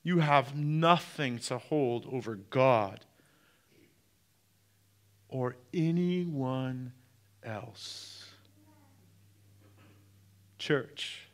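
Slow, emphatic male preacher. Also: mid-range voice. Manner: preaching with sharp rises and drops in loudness; asks the congregation direct questions. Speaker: pastor. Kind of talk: sermon.

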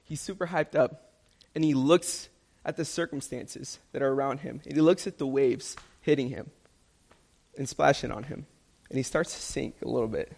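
A man's voice: medium pitch, normal speed, creaky, darkish tone. A young man preaching a sermon, earnest and emphatic, repeating key lines for stress.

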